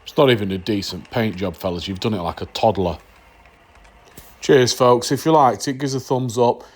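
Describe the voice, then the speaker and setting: A man's voice: lowish voice, moderate pace, darkish tone. A middle-aged man, chatting casually to camera on his model railway vlog, jokey and in mock outrage, dropping "the" from his sentences.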